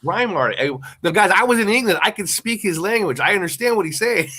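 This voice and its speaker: A man's voice: high voice, lively intonation, a little fast, bright, forceful tone. A man hosting a podcast in casual chat, emphatically explaining his guest's talk to the audience.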